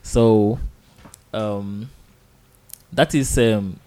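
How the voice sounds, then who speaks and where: A man hosting a live radio Arabic lesson, patiently repeating words slowly for listeners to drill and chuckling often. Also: fairly low pitch, fairly even intonation, darkish tone. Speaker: radio Arabic teacher and host.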